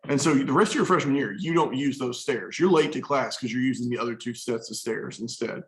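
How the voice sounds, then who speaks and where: Gravelly-voiced male history teacher. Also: medium pitch, fairly quick, rough recording. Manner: casual, storytelling, conversational. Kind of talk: classroom lecture.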